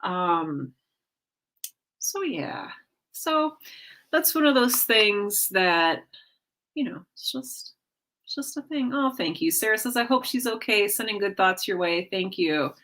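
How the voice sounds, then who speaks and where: A woman's voice: mid-range voice, expressive, slow pace, long pauses, a bit bright. A woman hosting a casual weekly livestream from home, chatting with her viewers in a rambling way, full of fillers and self-corrections. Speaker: livestream host. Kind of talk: casual chat with a live audience.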